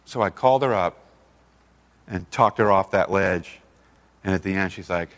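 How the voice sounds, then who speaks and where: A man's voice: on the low side, very animated, a little slow, long pauses, a bit bright. A man telling stories at a men's seminar, acting out both sides of his conversations. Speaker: seminar speaker. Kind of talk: storytelling talk to a men's group. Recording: long hall reverb.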